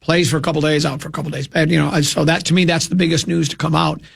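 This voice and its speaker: A man hosting sports talk radio, rambling and opinionated, with frequent halting restarts. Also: a little high, level tone, creaky, fairly bright tone, husky.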